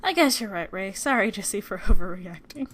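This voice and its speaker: A woman's voice: medium pitch, expressive, normal speed, a bit bright, a little hiss or hum, lightly acted. A woman reading the lines of a cheerful, earnest young female scientist in a game, upbeat and encouraging. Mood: apologetic.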